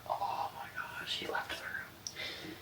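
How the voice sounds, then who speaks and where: A woman's voice: slow, bright, forceful tone, low-quality recording. A young woman vlogger whispering her gasping, gushing reactions to a book late at night before bed. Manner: gasping, gushing, says like a lot.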